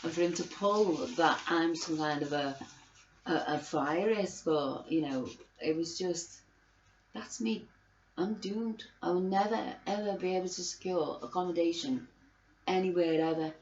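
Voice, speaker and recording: A middle-aged woman vlogger rants angrily to the camera, outraged and swearing while repeating the same phrases over and over. Her voice sits on the low side with a darkish tone and a slightly slow pace. The recording is roomy, dull, and lo-fi.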